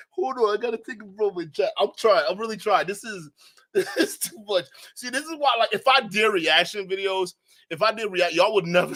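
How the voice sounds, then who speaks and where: Man, live streamer, high pitch, bright forceful tone, slangy, profane, talks to chat, loud laughter. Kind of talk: live reaction commentary.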